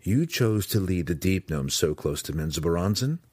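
A man reading aloud, voicing an earnest young male dark elf warrior who speaks with pressing intensity. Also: deep voice, animated, normal speed, no room sound. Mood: intense.

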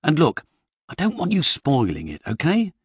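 A man voicing a flustered writer who talks in a fussy, rambling, exasperated way, pitched up from his reading voice, in an audiobook. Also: huge pitch swings, normal speed, slightly rough, no echo, exaggerated voice. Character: flustered middle-aged male fantasy writer.

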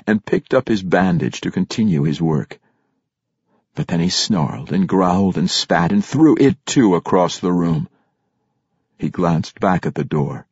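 A man narrating a fantasy audiobook in an expressive, dramatic storytelling manner. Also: deep voice, husky, no echo, lo-fi sound.

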